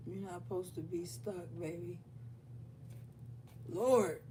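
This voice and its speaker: A woman's voice: fairly low pitch, fairly even intonation, slow pace. A woman giving a spiritual reading, emotional and affirming as she speaks straight to her viewers. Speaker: tarot reader. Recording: distant mic with faint room noise.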